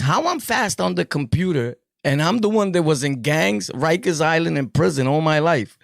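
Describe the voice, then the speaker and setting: New York man, casual storytelling, street slang, laughs a lot, gravelly voice, dry sound. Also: on the high side, normal speed, dry recording. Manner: street slang, laughs often, jokey asides. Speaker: streamer telling prison stories.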